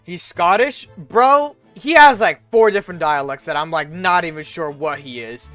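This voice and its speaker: A man streaming a game, reacting in an excitable, exasperated casual way. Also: fairly high pitch, moderate pace, no room sound, faint music behind. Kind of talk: casual gameplay commentary.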